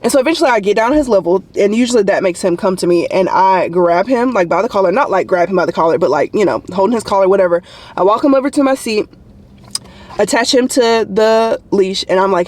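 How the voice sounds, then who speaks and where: A woman's voice: mid-range voice, animated, fast talker, darkish tone. A young adult woman, a nursing student, chatting casually to camera in a vlog and telling stories with lots of "like" fillers. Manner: chatty storyteller, frequent "like" fillers.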